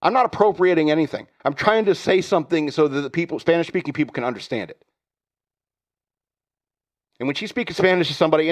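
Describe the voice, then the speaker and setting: A man's voice: a little high, expressive, quick pace. A man hosting a podcast, delivering a rambling, sarcastic comedic rant and laughing at his own jokes. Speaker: podcast host.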